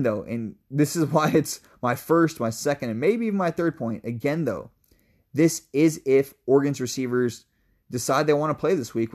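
A man's voice: medium pitch, darkish tone. A young man co-hosting a college football podcast, giving emphatic, opinionated analysis in a casual, sometimes profane way. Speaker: sports podcast co-host.

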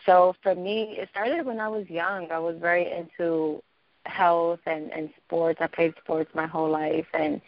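Earnest woman guest, lower voice. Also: fairly even intonation, a little slow, dry recording. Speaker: guest, doula. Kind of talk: interview answers. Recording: dull, dry lo-fi sound.

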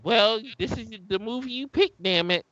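A man's voice: high-pitched, normal speed, bright, forceful tone, no echo. A man co-hosting a casual movie commentary chat, blunt, profane and scoffing, on slightly dull lo-fi audio. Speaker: podcast co-host.

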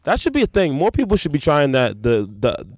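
Animated man in casual banter. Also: on the high side, brisk, a little hiss or hum. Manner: animated, swearing, rambling with restarts. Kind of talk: casual chat.

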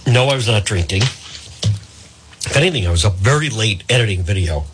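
A man's voice: lowish voice, animated, normal speed, background noise. A man hosting live talk radio while fighting hiccups, rambling and apologizing as he goes. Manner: apologetic, rambling, self-interrupting. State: has the hiccups. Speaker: radio talk show host.

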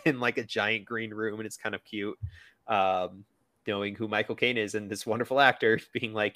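A man with a fairly low voice chats through a movie scene by scene, loose and rambling, full of "um" and "like". The sound is close and dry, with no room echo. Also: steady tone, a little fast, sharp tone. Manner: chatty, lots of fillers, quotes characters in a silly voice. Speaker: podcast co-host. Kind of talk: casual movie commentary.

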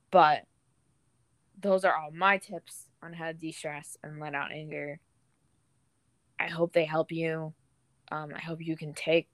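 A woman's voice: low voice, fairly bright tone, dry recording. A woman hosting a podcast, chatting in a laid-back, rambling way. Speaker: podcast host. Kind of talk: casual podcast chat.

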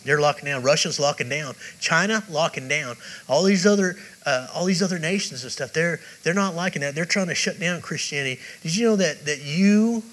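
A man's voice: on the high side, normal speed, hardly any pauses, fairly bright tone, poor audio. A male pastor preaching a sermon with emphatic, repetitive phrasing and direct questions to the congregation.

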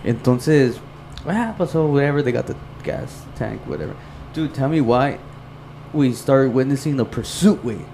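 A man tells rambling, profane stories in a casual podcast chat. He mixes Spanish slang into his talk, and his voice sits in an ordinary middle register. The recording carries clear background noise. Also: mid-range voice, lively intonation, moderate pace, mellow. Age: 30s. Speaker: podcast host.

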